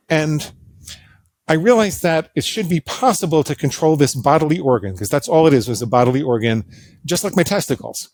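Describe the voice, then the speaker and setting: A man's voice: a little high, no room sound. A middle-aged male psychologist, a guest on an interview show, telling stories with self-deprecating humor. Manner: animated, self-deprecating humor, acts out quoted voices. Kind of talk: conversational storytelling interview.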